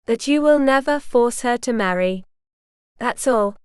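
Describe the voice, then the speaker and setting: A woman voicing a proud, stubborn young noblewoman who speaks indignantly and with a sharp tongue. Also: on the high side, unhurried, clean tone, dry recording, studio quality, close to an everyday voice.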